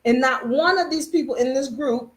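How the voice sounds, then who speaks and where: A woman's voice: sits high, moderate pace. A woman hosting a casual live-stream talk, telling a parable at a meandering pace with many fillers, restarts and rhetorical questions.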